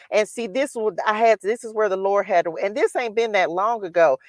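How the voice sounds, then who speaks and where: A woman hosting a livestream gives a candid spiritual motivational talk about her own faith, testifying in a repetitive way. Through the livestream mic, her medium-pitched voice comes across a little fast with few pauses and no echo.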